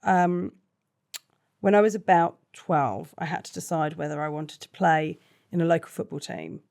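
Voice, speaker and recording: A woman comedian as a guest in a casual chat interview, joking in quick banter. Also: deep voice, vocal fry, darkish tone.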